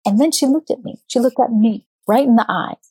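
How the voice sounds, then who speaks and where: A middle-aged woman hosting a talk show, telling a story in a lively, conversational way and acting out the people she quotes. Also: fairly high pitch, fairly quick, creaky, husky, dry recording. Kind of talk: conversational monologue.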